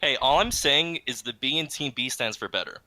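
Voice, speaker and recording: A man's voice: medium pitch, a little fast, pushed and bright, no room sound. A man playing in an esports team, bantering casually and joking with his teammates. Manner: joking, laid-back, cocky. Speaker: esports player being interviewed.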